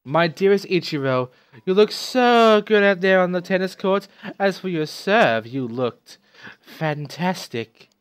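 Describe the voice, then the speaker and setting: A man voicing a lovesick middle school girl reading out her love letter in a soft put-on voice. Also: high-pitched, animated, a little slow, clear, resonant tone, no echo, pitched above the performer's own voice.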